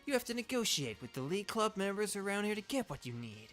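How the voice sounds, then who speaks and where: A man's voice: high voice, big pitch swings, fast, a bit bright, faint music behind, voice pushed up. A man voicing an upbeat young male trainer obsessed with cooking, talking eagerly with food puns. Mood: enthusiastic.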